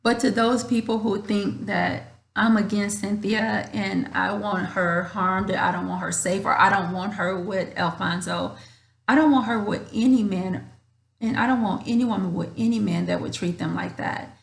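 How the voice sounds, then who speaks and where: Emotional woman vlogger, gravelly voice. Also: medium pitch, steady tone, normal speed. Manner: earnest, repeats herself, speaks straight to viewers. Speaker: channel host. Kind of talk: emotional talk to viewers. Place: home room with a dryer running. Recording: roomy echoey room.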